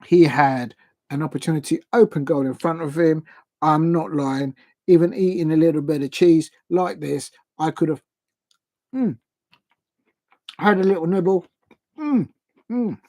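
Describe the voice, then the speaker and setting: A man's voice: fairly high pitch, fairly even intonation, normal speed, a little mellow, no room sound. A man hosting a live football watch-along stream, recapping the day's results in a chatty, rambling way and stumbling over player and club names.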